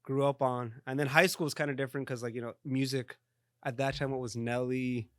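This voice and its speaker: Guest: man, 30s, easygoing chat, smooth clear voice, dry close sound. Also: medium pitch, fairly even intonation, a little fast, fairly bright tone, no echo. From Southern California. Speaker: guest, restaurant owner's son. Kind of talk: casual interview chat.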